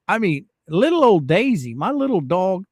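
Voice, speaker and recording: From a home streaming setup, a middle-aged man hosts a casual livestream, reading chat messages aloud and laughing a lot. His high-pitched voice moves at a moderate pace, chatty and animated with rising lilts, in a dry, studio-quality recording.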